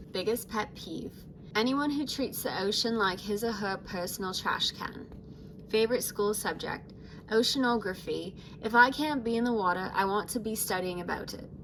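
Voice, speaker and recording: A woman's voice: mid-range voice, fairly bright tone, slight background noise, lightly acted, rough recording. Lagoona, a woman putting on a chill surfer sea-monster girl. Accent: put-on mix of British, Australian and American. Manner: breezy, chill beach talk. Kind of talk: reading a character diary aloud.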